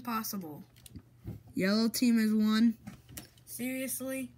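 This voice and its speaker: A woman commentating her own gameplay, excitable and exasperated, swapping in mild minced oaths. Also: on the high side, takes it slowly, pauses often, a little hiss or hum. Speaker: gamer.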